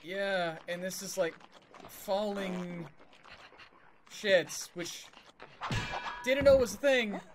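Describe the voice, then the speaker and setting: A man's voice: sits high, extremely slow, long pauses, background noise. A man casually commentating as he plays a video game, rambling and chuckling and talking back to the characters. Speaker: streamer playing a video game. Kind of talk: casual let's-play commentary. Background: game music.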